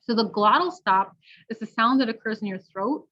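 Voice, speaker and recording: A woman teaching pronunciation, modeling words slowly and repeating each one clearly. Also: fairly high pitch, a bit bright. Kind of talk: slow, clear pronunciation lesson. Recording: dull lo-fi online class audio.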